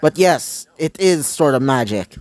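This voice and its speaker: Dude doing a grudging young mage guy, a bit high and bouncy. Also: animated, a little slow, darkish tone, dry recording. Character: reluctant young male mage, embarrassed.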